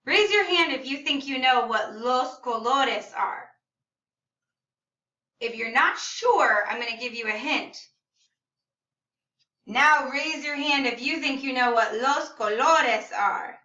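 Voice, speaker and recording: In a muffled, echoey recording from a classroom or home room, a Spanish teacher with a bright, high voice presents a video lesson for children. She talks slowly and cheerfully, articulating carefully and modeling words for repetition, positioned a little away from the mic.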